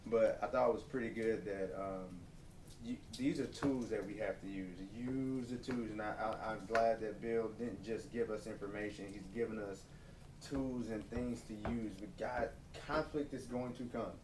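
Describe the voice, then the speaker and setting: A lower-voiced man shares quick, earnest feedback as a workshop participant. He is heard from a distance in a reverberant room, with steady background noise. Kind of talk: reflective group feedback.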